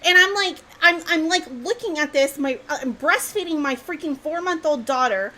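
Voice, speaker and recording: High-voiced excitable woman telling a scary story. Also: normal speed, slight background noise, poor audio. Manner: animated, excitable, swears mildly. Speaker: podcast host. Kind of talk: casual storytelling.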